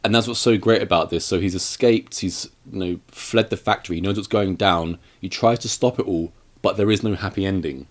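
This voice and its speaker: A man's voice: deep voice, a little fast, hardly any pauses. A man hosting a casual film review chat, rambling and joking with frequent laughs, on camera in a room with shelves.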